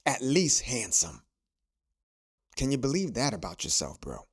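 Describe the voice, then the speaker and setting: A man's voice: mid-range voice, big pitch swings, unhurried, breathy edge. A man hosting a podcast, speaking in a preachy, motivational way and repeating phrases for emphasis. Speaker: podcast host.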